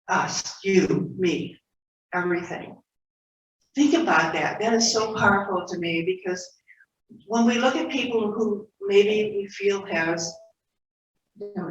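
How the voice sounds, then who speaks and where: A woman giving a sermon at a spiritual center in a conversational storytelling manner with asides. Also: medium pitch. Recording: roomy, distant, dull hall audio with faint noise.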